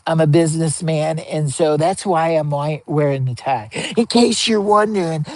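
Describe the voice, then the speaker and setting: A man live streaming a product test, joking around, hyping up his viewers and bursting into excitement. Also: on the high side, vocal fry, no room sound. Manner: joking, hyped, begs for likes, bursts of excitement. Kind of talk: goofy live-stream chat. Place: outdoor campsite by a pellet stove.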